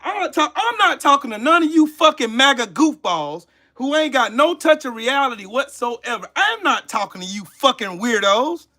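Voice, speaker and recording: A man ranting on a livestream. His voice sits very high and swings widely in pitch. He is heated and profane, lashing out at his viewers between sighs and mutters. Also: very animated, moderate pace, few pauses, bright, forceful tone. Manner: heated, profane, scolding the chat. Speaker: channel host. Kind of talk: livestream commentary rant.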